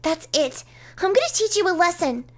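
A woman's voice: very high-pitched, animated, measured pace, voice pushed up. A woman voicing a grumpy, sleepy young fox shrine maiden who whines and pouts indignantly. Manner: whiny, indignant, pouting.

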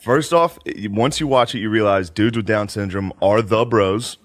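A man's voice: lowish voice, normal speed, dry recording, studio quality. A man co-hosting a casual chat, telling stories with acted-out quotes and frequent laughter. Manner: animated, acts out quotes, laughs often.

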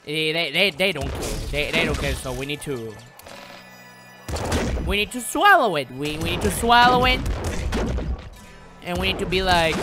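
A man's voice: high voice, animated, normal speed, pauses often. A man chatting on a live stream while gaming, rambling, stuttering and swearing. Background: game music.

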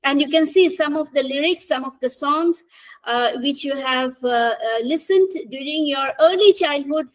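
A woman's voice: high-pitched, moderate pace, low-quality recording. A middle-aged woman with an Indian English accent giving a counselling lecture to students, explaining step by step with many fillers and restarts.

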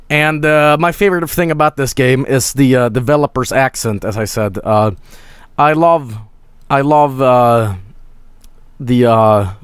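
A man's voice: medium pitch, clean tone, dry recording. A man streaming a game, giving rambling, joking and profane casual commentary.

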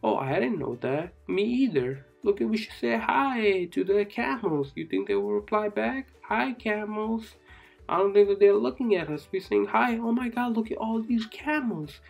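Kids' cartoon narrator, excitable, repeats short phrases, raspy, gravelly, faint background music. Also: medium pitch, moderate pace.

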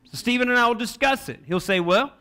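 A young man preaches from the pulpit in a high, bright voice. He tells his stories in an animated way, slipping into the voices of the people he quotes. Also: fast. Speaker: pastor. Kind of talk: sermon.

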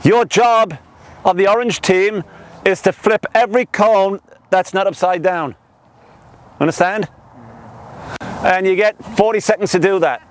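A man coaching a soccer practice on an outdoor field, calling loud energetic commands and counting down. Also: high voice, a little slow, pauses often, slight background noise.

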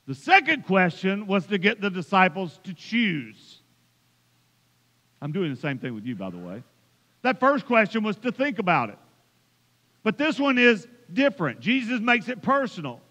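A man's voice: high-pitched, sing-song, moderate pace, long pauses, bright, forceful tone. A man preaching a sermon, emphatic and building to impassioned runs. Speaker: pastor. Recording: dull sound in a reverberant church hall.

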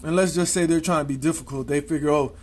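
A man's voice: a little high, steady tone, fast talker. A man demonstrating card tricks, talking casually and counting and spelling aloud as he deals. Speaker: amateur magician.

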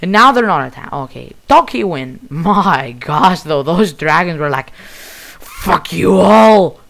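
A man with a Greek accent giving casual, excitable commentary while playing a video game. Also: a little high, moderate pace, gravelly. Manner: excitable, bursts of loud exclamations. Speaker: gamer.

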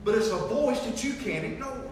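High-voiced preacher in echoey hall. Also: male voice, moderate pace, slight background noise. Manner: animated storytelling, acting out dialogue. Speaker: preacher giving testimony. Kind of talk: sermon testimony. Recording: echoey hall, mic far off.

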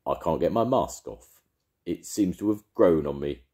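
A man's voice: very deep voice, sing-song, moderate pace, dark tone, exaggerated voice. A man doing a grumbling caterpillar.

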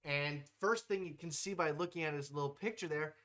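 A man's voice: a little high, a little fast, pushed and bright. A young man hosting a comedic tier-list video, ranting brashly with constant swearing and mock-tough bravado. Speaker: host ranking game characters.

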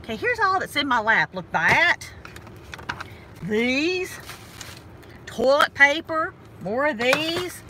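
A woman's voice: high-pitched, sing-song, takes it slowly, pauses often, pushed and bright. A woman with a North Georgia Southern accent chatting casually to her viewers from inside her car, folksy and self-mocking. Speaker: vlogger. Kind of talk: casual chat while driving. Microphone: phone or camera clipped to the sun visor. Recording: faint road noise in a car. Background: road and car noise.

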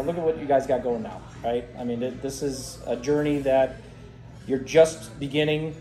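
A chatty man gives a rehearsal-dinner toast, storytelling in a relaxed way. His voice is mellow and warm. The room is echoey with faint music. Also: a little high. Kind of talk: casual toast.

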